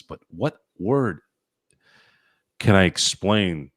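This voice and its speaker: A man's voice: deep voice, lively intonation, slow pace, pauses often, dry recording, clean studio sound. A man co-hosting a casual sports podcast, ranting bluntly and opinionatedly, with casual swearing. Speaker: podcast co-host.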